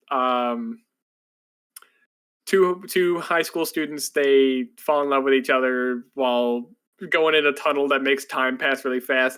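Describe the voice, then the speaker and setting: Bright, rambling podcast guy. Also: on the high side, clear, resonant tone. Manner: rambling and loose, lots of fillers and restarts. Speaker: podcast co-host. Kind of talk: casual chat recapping anime.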